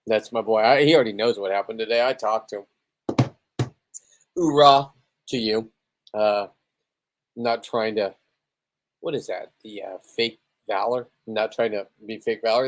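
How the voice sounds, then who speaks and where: A man chatting loosely on his own livestream, tipsy after a few beers, rambling, swearing freely and boasting about his day. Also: lowish voice. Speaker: livestreaming spearfisherman. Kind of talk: casual livestream chat.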